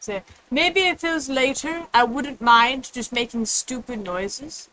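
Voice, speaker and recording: Woman game streamer, bright clear voice, slightly high, rambling casual chat, faint room hiss. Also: unhurried, rough recording. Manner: chatty, rambling, reads chat aloud. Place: home room with others nearby.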